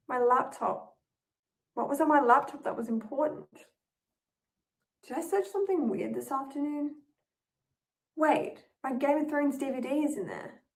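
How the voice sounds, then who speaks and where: A woman's voice: a little high, far from the mic. A young woman reading her own first-person story as a tense, anxious inner monologue. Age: young adult.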